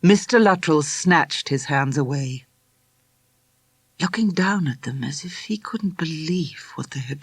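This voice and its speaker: A male narrator reads a tense chapter with vivid, dramatic storytelling. His voice sits a bit high for a man, recorded close to the mic in a dry studio with no room sound. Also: dry recording. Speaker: audiobook narrator. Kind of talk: scripted narration.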